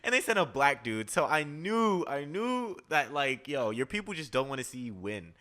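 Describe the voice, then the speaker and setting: A young man hosting a podcast, telling a story in casual chat, animated and profane, full of "like" and "yo". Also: on the high side, moderate pace. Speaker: podcast host.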